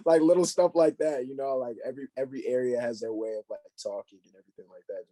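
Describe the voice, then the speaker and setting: A man's voice: mid-range voice, fast, no echo. A young man chatting casually on a podcast, slangy and full of fillers as he tells stories. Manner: slangy, filler-heavy, animated storytelling.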